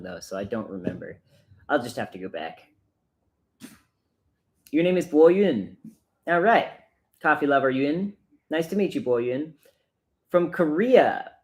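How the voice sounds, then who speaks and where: Chatty man hosting a coffee livestream. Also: medium pitch. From United States. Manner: chatty, self-deprecating, laughs often. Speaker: livestream host. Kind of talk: casual livestream chat while brewing coffee.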